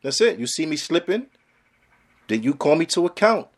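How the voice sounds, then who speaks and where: A man's voice: fairly high pitch, big pitch swings, normal speed. A man giving a religious lecture as an Islamic teacher, emphatic and casual in phrasing, firing off rhetorical questions.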